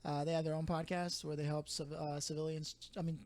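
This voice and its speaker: A man's voice: a little high, level tone, fairly quick, a little mellow. A man co-hosting a podcast, joking playfully in casual chat while gaming. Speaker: podcast co-host.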